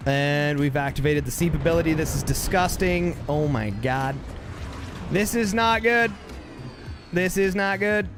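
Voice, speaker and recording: Excitable high-voiced male game commentator. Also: measured pace, over music. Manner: excitable play-by-play, repeats himself. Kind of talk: live gameplay commentary.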